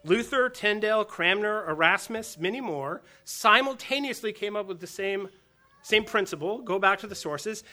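A man giving a lively teaching lecture on church history, animated and quick to chuckle as he acts out quotes. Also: high-pitched.

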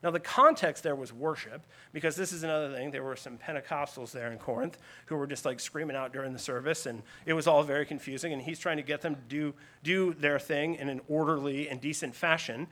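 A man's voice: on the high side, steady tone, a little fast, hardly any pauses, bright, forceful tone. A man preaching a teaching sermon in a slightly raised voice. He explains scripture earnestly, leaning into emphatic lists. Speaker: pastor.

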